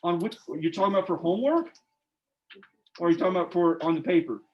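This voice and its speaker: A man's voice: high voice, quick pace, slight background noise. A man teaching algebra to a class, informal and joking, quizzing his students as he works through problems. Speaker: math teacher. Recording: dull lo-fi classroom recording.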